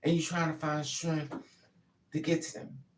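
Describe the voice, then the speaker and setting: A woman's voice: sits low, level tone, a little slow, far from the mic. A grieving mother giving an impassioned, repetitive spoken monologue. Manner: impassioned, repetitive, acts out pleading quotes.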